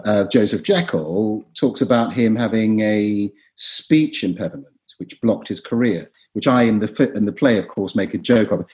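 A middle-aged man, an actor and writer, talking as a podcast guest in an animated, theatrical way. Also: fairly low pitch, normal speed, hardly any pauses. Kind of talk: podcast discussion.

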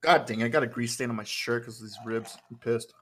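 A man's voice: mid-range voice, brisk, background noise. A man co-hosting a podcast in casual chat, laid-back and joking, eating while he talks. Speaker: podcast co-host.

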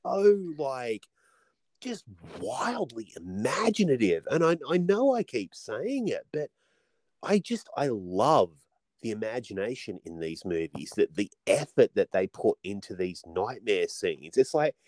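A man co-hosting a casual podcast chat, rambling and swearing through animated stories. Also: mid-range voice, a little slow, no echo. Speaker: podcast co-host.

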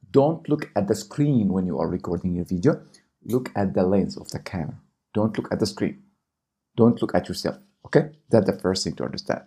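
A man's voice: fairly low pitch, dark tone, slightly rough. A man giving coaching advice to camera in a vlog, often checking in with his viewers. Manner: coaching, keeps checking in with "okay?" and "right?". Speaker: small business YouTuber.

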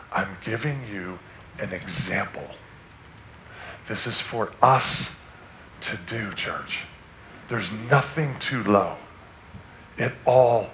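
Animated male preacher in an echoey church. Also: fairly low pitch, slight background noise. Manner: animated storytelling, swings from loud to hushed. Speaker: guest preacher. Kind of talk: sermon with personal story. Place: church sanctuary.

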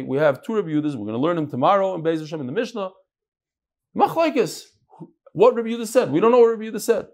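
A man teaching a daily Talmud class, asking questions aloud and mixing untranslated Aramaic and Hebrew terms into his English. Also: vocal fry. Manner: animated, leaps between loud questions and low asides.

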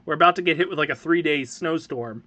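A man's voice: a little high, quick pace, pushed and bright, muffled recording. A man in his thirties hosting a casual family podcast, teasing and dry-humored. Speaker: podcast host, parent.

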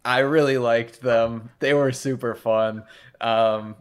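A man's voice: mid-range voice, steady tone, takes it slowly, clean tone. A man casually recapping a film on a podcast, rambling and laughing often. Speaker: podcast co-host. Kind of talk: casual movie recap chat.

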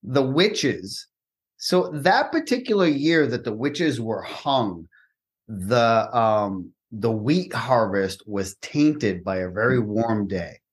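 Lively-voiced man telling comedy stories. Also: mid-range voice, slow. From Massachusetts. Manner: animated storytelling, profane. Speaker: comedian guest. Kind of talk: casual podcast chat.

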